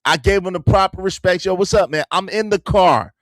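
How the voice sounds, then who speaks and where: A man hosting a casual livestream from his car, animated and repetitive, shouting out his viewers. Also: sits high, brisk, no echo, clean studio sound. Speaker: livestream host.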